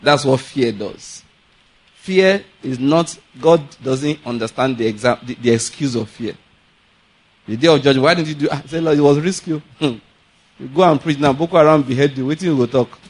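A man with a Nigerian accent preaching a sermon, telling animated stories, laughing often and acting out the people he quotes. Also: mid-range voice, moderate pace, slightly rough. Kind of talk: sermon with storytelling.

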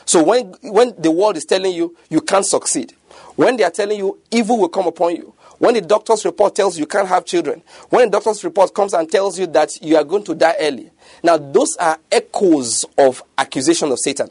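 A man's voice: high voice, fairly quick, a little mellow, husky, no echo. A man preaching a sermon, emphatic and often checking whether his listeners follow. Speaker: pastor.

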